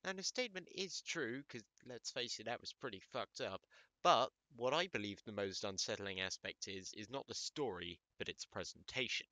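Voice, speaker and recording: A man's voice: lowish voice, pushed and bright, dry recording. A man narrating an anime video essay, with crude, wry humor. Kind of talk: scripted comedic commentary.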